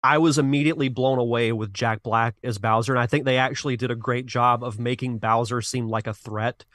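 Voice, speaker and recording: A man's voice: mid-range voice, steady tone, fairly quick, a bit bright, no room sound, studio quality. A man co-hosting a podcast, chatting casually and earnestly about games and movies, often restarting his sentences as he reasons aloud. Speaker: podcast co-host.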